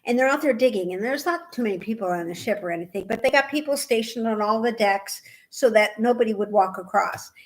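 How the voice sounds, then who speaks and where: A woman's voice: a little high, brisk, hardly any pauses. Chatty woman telling rambling stories. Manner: rambling, animated storyteller. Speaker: podcast co-host. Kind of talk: casual chat.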